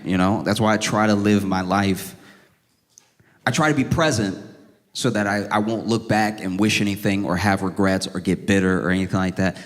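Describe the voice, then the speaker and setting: A male stand-up comedian telling calm, wry stories that climb into exasperation. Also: lowish voice. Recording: reverberant performance hall.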